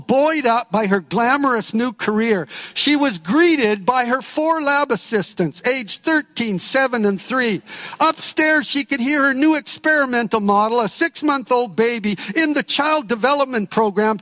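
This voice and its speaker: A man preaching a sermon, telling stories and stressing key words with measured pauses. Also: very high voice, a bit bright, long reverb tail. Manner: preaching with storytelling and emphatic pauses. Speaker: pastor.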